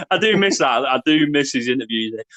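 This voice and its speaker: A man's voice: a little high, fairly bright tone, dry recording. A man co-hosting a casual football podcast, laughing often, swearing and calling his friend "mate". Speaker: podcast co-host.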